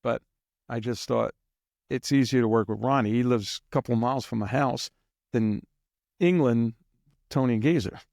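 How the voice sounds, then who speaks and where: A man's voice: medium pitch, moderate pace, gravelly, pauses often, darkish tone, no echo, clean studio sound. A man guest on an interview, rambling through anecdotes and sometimes mimicking drum beats in a casual, chuckling way. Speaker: guest drummer.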